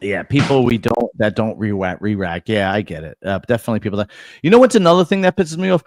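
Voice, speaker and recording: A man hosting a casual chat, easygoing and quick to laugh. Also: fairly low pitch, sing-song, no echo, clean studio sound. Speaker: host.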